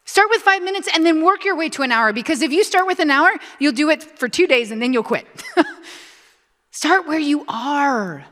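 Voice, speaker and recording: A high-voiced woman pastor preaches with lively, animated energy and calls on the congregation to answer her. Her voice carries a long reverb, like a church hall. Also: moderate pace. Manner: animated preaching with call-and-response. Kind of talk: sermon.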